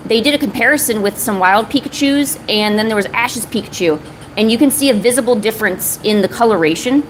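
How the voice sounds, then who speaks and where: Woman, high pitch, lively swooping voice, casual stream chat, faint background hiss. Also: a little fast, rough recording. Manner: chatty, coos baby talk to her cat. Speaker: art streamer.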